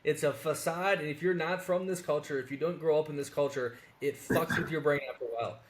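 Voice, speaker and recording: Fast-talking blunt man telling stories. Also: fairly high pitch, a little hiss or hum. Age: 40s. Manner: fast, blunt, profane storytelling. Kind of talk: casual podcast conversation.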